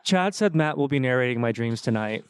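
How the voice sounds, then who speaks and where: A man's voice: medium pitch, animated, a little fast. A man co-hosting a live podcast panel at a convention, reading audience comments in a playful, mock-formal way.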